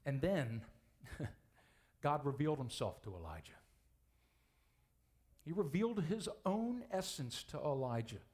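A male pastor preaching a sermon to his church, animated and acting out the voices he quotes. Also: a little high, measured pace, pauses often. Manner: animated, acts out quoted voices, chuckles often.

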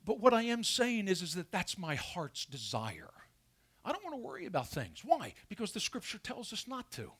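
A man's voice: high-pitched, moderate pace, breathy edge. A man preaching a sermon as pastor from a church pulpit, asking his congregation questions as he goes. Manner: animated preaching with rhetorical questions.

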